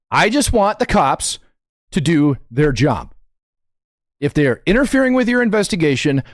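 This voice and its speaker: A man's voice: medium pitch, no room sound, studio quality. A man hosting a political commentary show, talking bluntly and with indignation as he reacts to clips. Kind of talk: opinionated live commentary.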